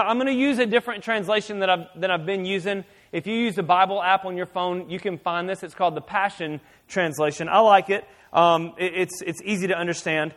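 A man preaching a sermon as a pastor, animated and shouting at times for effect. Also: sits high.

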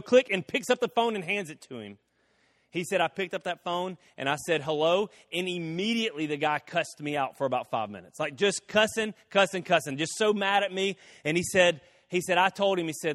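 A man preaching a sermon, acting out a story with quoted voices and swinging from loud to hushed. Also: high voice, fairly quick. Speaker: pastor.

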